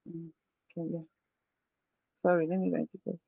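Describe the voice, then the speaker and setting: A language teacher from Nigeria patiently spells out and repeats words for the class. The voice sits at a middling pitch and sounds dry and close, as if captured through a video-call mic. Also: little pitch movement, moderate pace, gravelly, breathy edge, dry recording, narrow, tinny audio. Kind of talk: online language lesson.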